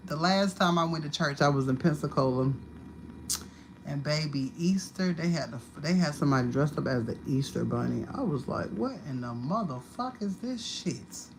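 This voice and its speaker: A woman's voice: deep voice, moderate pace, gravelly. Woman, livestream host, profane storytelling, faint background hiss. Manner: profane, animated storytelling with sudden loud outbursts. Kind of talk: casual livestream monologue.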